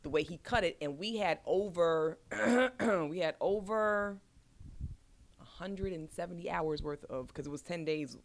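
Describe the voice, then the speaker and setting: A woman's voice: fairly low pitch, unhurried. A woman, an actress, chatting casually on a podcast and telling stories bluntly with plenty of swearing. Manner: blunt, profane, animated storyteller. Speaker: actress guest.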